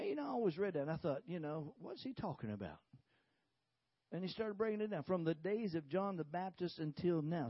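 A man with a high voice preaches a sermon, telling a story with many hallelujahs along the way. The sound is dry and close, with a dull, lo-fi edge. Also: husky, dry recording. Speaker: pastor.

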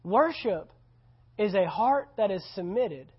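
Preaching at a church service, this pastor sounds conversational and emphatic, circling back to key phrases again and again. His breathy voice sits high and comes across as animated, though his pace is slow. The audio is slightly dull and lo-fi.

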